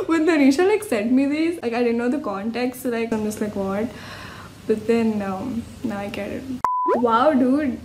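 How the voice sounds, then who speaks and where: A woman co-hosting a reaction video, making wry, deadpan remarks about the entries. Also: fairly high pitch, measured pace, echoey room, slight background noise. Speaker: co-host reacting to submissions. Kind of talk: casual reaction commentary.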